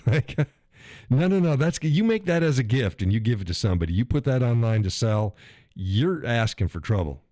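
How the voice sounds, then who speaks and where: A man with a fairly low voice chats casually on his live stream, cursing freely and laughing as he reads viewer messages aloud. The sound is dry and close, with no room echo. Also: lively intonation, normal speed, mellow.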